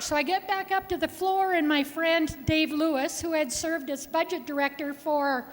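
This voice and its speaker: A woman senator delivers her farewell from a podium, her voice notably high as she strings together folksy stories and soft chuckles. Her words hang in the long reverb of a big legislative chamber. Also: steady tone, normal speed, hardly any pauses, slight background noise. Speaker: state senator. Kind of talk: farewell speech.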